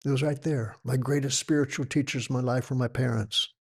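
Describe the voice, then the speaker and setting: An older man, a yoga teacher appearing as a podcast guest, telling stories in an animated, conversational way with a gravelly voice. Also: brisk. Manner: animated storyteller, lively pitch shifts. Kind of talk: storytelling conversation.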